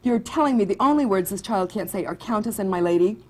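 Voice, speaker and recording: A woman reading aloud from a romance novel, voicing an indignant and smug young gentleman. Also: mid-range voice, expressive, quick pace, pitched above the performer's own voice, natural voice. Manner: loud and indignant.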